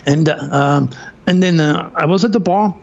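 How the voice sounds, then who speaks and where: Male guest, French accent, lively raconteur, raspy edge, dull remote-call sound. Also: fairly high pitch. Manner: animated, excitable storyteller with halting non-native phrasing. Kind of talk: storytelling in an interview.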